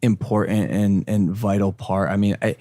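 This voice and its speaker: A man's voice: fairly low pitch, fairly even intonation, moderate pace, warm tone, no echo, studio quality. A man hosting a podcast, giving short supportive responses. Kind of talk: casual chat.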